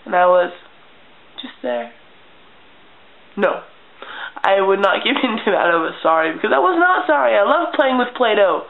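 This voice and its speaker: A young woman vlogger telling childhood stories in a casual, deadpan way, acting out little scenes. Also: medium pitch, moderate pace, vocal fry, long pauses. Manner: chatty, deadpan humor, acts out childhood scenes. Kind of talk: casual storytelling vlog. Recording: tinny lo-fi webcam audio.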